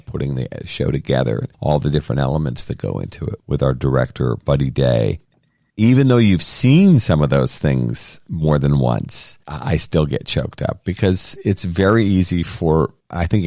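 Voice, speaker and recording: A middle-aged man with a very low, deep voice talks through his experiences as a podcast co-host. He is earnest and rambling, and he often restarts his sentences. The sound is dry and close, with no room echo. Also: creaky, darkish tone. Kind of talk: casual conversation.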